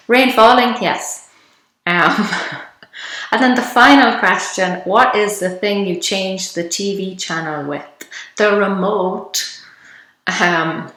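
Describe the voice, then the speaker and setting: An Irish woman in her thirties chats through a casual vlog, her accent a mix of Kildare country and Dublin. Her voice sits slightly low but sounds bright and forward, with frequent laughs and ums. The room around her is echoey. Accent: Irish, Kildare country mixed with Dublin. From Ireland. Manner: chatty, laughs often, lots of ums. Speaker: vlogger. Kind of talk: casual accent-tag video.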